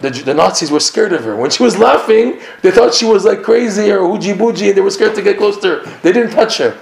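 A man teaching a live Torah lesson to listeners in a room, telling stories in an animated way with asides and laughs. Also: sits high, fairly quick, gravelly. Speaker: rabbi teaching a class. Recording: echoey room with faint hiss.

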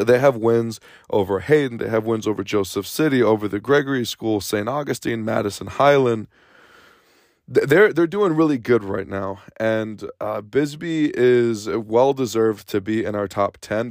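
A man's voice: fairly low pitch, no echo, studio quality. A man hosting a sports podcast, talking casually and energetically, a bit out of breath, rambling and restarting his sentences. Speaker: podcast host.

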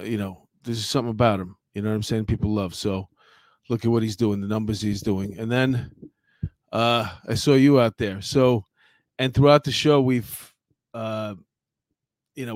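A man's voice: fairly low pitch, a little mellow, dry recording, studio quality. A man co-hosting a live streamed podcast, talking in an easygoing, rambling way. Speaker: podcast co-host. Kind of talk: casual live-stream chat.

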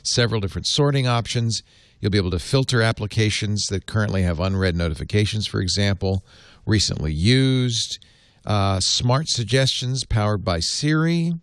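A man's voice: lowish voice, moderate pace, dry recording. A man hosting a casual tech podcast, rambling, laughing and reading items from his notes on a close mic. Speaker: podcast host.

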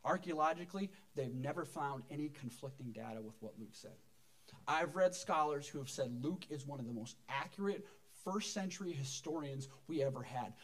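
A pastor, a man with a notably high voice, delivers a relaxed, conversational sermon in church. He jokes with the congregation as he teaches. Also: moderate pace.

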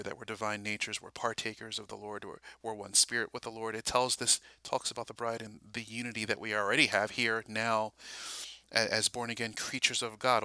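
A man recounting a dream and tying it to scripture, halting with many fillers and restarts. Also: fairly low pitch, pushed and bright, no room sound. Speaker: religious video speaker.

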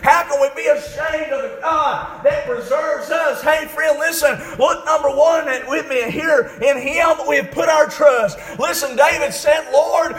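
A man preaches a fiery sermon, his voice pitched very high as he shouts and then sinks to a low, soft tone. The sound rings through a very echoey church hall. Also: unhurried, hardly any pauses. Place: church sanctuary.

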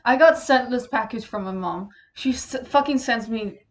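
A woman's voice: fairly high pitch, normal speed. A young woman from England co-hosting a casual podcast, blunt and sweary, laughing often as she chats with a friend. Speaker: podcast co-host. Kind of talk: casual chat.

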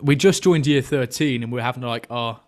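A man's voice: mid-range voice, a little fast. A young British man hosting a podcast, telling stories in casual banter and teasing his guest with a chuckle. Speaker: podcast host.

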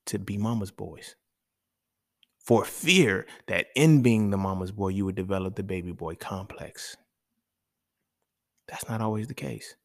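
A man's voice: on the low side, creaky, dry recording, clean studio sound. A man talking casually and emphatically, with profanity and speech, hosting a solo podcast. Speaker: podcast host.

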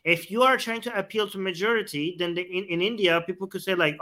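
A man with a high, bright, keen voice hosts a heated debate. He cuts in often and presses his point insistently, talking over the other side. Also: fast, hardly any pauses. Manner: insistent, interrupting, argumentative; mocks his opponent's words in a put-on voice. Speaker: debate show host.

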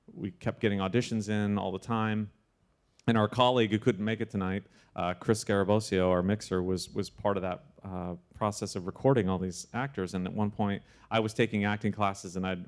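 A man, a sound designer, telling a lively story at a live evening panel, often restarting his sentences and laughing. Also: deep voice, smooth. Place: live evening event before an audience.

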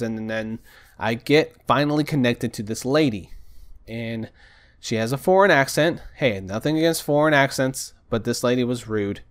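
Man, young adult, casual vlog rant, exasperated, mid pitch. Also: clean tone. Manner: exasperated, retells calls with mimicked voices. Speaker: vlogger. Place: home desk.

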